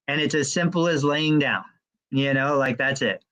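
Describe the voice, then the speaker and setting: A man co-hosting a podcast, talking in a relaxed, conversational way as he describes things plainly. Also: medium pitch, moderate pace, rough recording. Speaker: podcast co-host. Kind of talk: casual podcast discussion.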